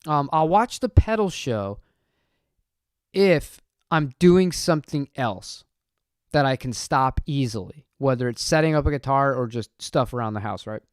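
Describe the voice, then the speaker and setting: A man's voice: medium pitch, animated, measured pace, clear, resonant tone, no echo, clean studio sound. A man hosting a casual live-stream chat, rambling and talking to viewers in the chat. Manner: rambling, chatty, reads chat aloud. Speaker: channel host.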